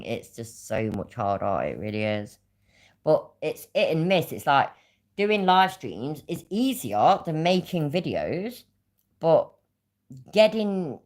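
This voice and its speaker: Very low-voiced swearing British woman. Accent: British English. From Britain. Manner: rambling, swearing, laughing chat. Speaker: streamer. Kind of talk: casual livestream chat.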